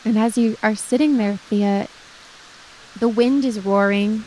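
A woman's voice: medium pitch, fairly even intonation, a little slow, mellow, slight background noise, low-quality recording. A woman narrating a tabletop game as game master, describing scenes with frequent restarts and addressing the player by name.

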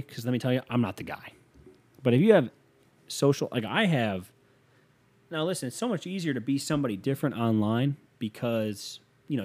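A young man in his twenties chats casually on his podcast, reading out a listener's letter and reacting to it. His voice sits at a middling pitch, and he drifts into profane, joking asides as he gives advice. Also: a little mellow. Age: 20s. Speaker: podcast host.

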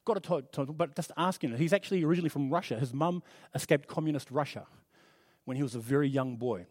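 A man's voice: on the high side, fast, darkish tone, no echo. A middle-aged man preaching a conversational sermon, earnest and storytelling, with frequent restarts.

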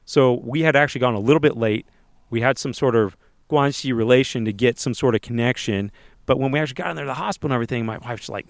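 A man co-hosting a podcast, telling a personal story in a casual interview and acting out other people's lines in quick little voices. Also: mid-range voice, no echo.

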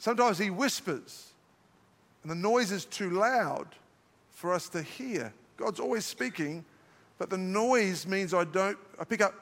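A man's voice: high voice, normal speed, fairly bright tone, long reverb tail. An older man with an Australian accent preaching a sermon, moving between scripture points and joking, self-mocking asides. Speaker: pastor. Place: large church auditorium.

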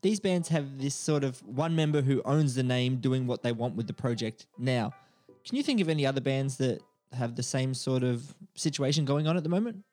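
A man's voice: mid-range voice, moderate pace, darkish tone, faint music behind. An Australian man hosting a casual podcast, joking and chuckling as he reads a text aloud. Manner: jokey, chuckles while reading. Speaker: podcast host.

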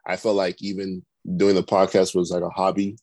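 A man's voice: sits low, monotone, moderate pace, darkish tone, dry recording. A man co-hosting a podcast in casual chat, rambling and saying "like" constantly. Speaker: podcast co-host.

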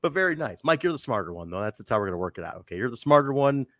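Brief: male podcast host, lively pitch swings, bone-dry sound, jokey and playful. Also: very fast, no room sound. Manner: joking, animated, playful teasing. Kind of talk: casual wrestling podcast chat.

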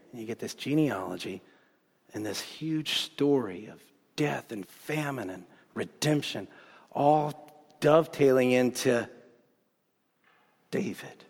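A man preaching a sermon as pastor, telling the story in a casual, animated way with bursts of excitement. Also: mid-range voice, measured pace, pauses often, slightly rough. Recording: long hall reverb.

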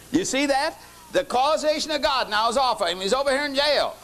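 A man's voice: extremely high pitch, animated, moderate pace, a bit bright. An older man teaching a lecture-style sermon, folksy, often quizzing his listeners with questions. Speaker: lay teacher.

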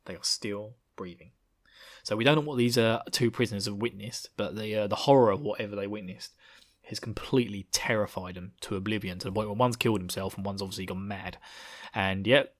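Animated, slangy male podcast host. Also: fairly low pitch, fairly quick. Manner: animated, laughing, slangy storytelling. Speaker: podcast host recapping a book. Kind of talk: casual chat.

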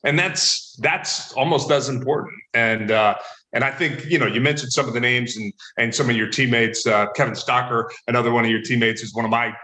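A man's voice: mid-range voice, a little fast, bright, forceful tone, roomy sound. A man hosting a radio interview, speaking encouragingly with many fillers. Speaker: radio host. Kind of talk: interview talk.

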